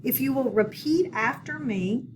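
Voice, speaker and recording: A woman teaching a phonics lesson in a recorded video, slow and patient, often checking in with her students. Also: high voice, animated. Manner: slow, patient, instructive with repeated prompts. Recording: distant mic with background noise.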